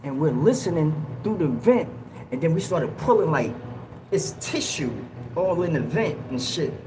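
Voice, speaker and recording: A man hosting a livestream, telling a story in a casual, slangy, animated way and acting out what people said. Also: a little high, a little slow, background noise. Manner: animated, slangy, acts out quotes in raised yells. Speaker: livestream host.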